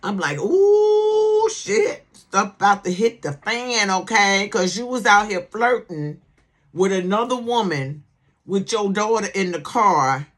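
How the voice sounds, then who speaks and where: A woman's voice: mid-range voice, unhurried, a bit bright. A woman giving casual commentary on a TV series. She talks in a sassy, emphatic way, repeats words for emphasis and keeps checking in with the listener. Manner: sassy, emphatic, keeps asking "okay?" for agreement. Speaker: TV series reviewer.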